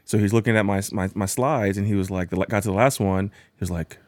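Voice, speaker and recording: Easygoing low-voiced man telling stories. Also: fairly even intonation, quick pace, a little mellow, no echo. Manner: easygoing storyteller, laughs often, slangy. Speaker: podcast co-host. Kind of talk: casual chat.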